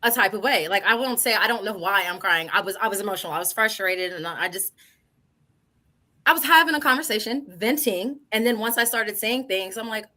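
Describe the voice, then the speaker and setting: A woman's voice: mid-range voice, animated, a little fast, sharp tone. A woman on a podcast panel, explaining her side in earnest and repeating herself as she talks. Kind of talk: casual panel debate.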